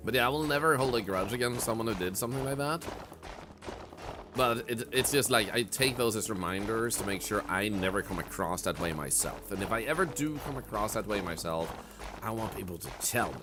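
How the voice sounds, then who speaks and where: A man's voice: lowish voice, brisk, background noise. A man streaming a game, chatting casually and reflectively with viewers, with many "like" fillers. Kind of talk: casual live-stream chat. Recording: game music under the voice. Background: game music.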